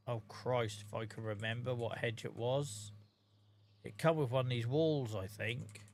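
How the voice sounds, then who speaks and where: A man with a Norfolk accent chatting casually to his viewers while he plays a game, swearing freely and greeting people by name. He sounds tired and sore. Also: mid-range voice. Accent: Norfolk English. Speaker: game streamer. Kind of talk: casual live-stream chat while playing.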